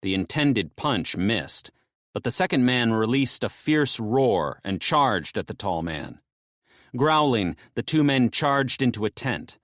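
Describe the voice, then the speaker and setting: Man reading a survival thriller audiobook, tense delivery, animated pitch, dry close recording. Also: a little slow, no echo. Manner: tense storytelling, drops low and soft in grim moments. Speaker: audiobook narrator. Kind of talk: scripted audiobook narration.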